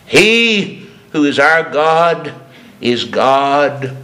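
A man preaching a sermon with passion, repeating phrases for emphasis and climbing from low murmurs to high, ringing cries. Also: very animated, very slow, bright, forceful tone.

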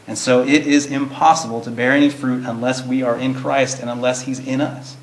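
A man's voice: medium pitch, fairly even intonation, normal speed. Earnest male Bible teacher, roomy echo. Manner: earnest, explains plainly, reads verses in King James wording. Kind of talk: verse-by-verse Bible study teaching.

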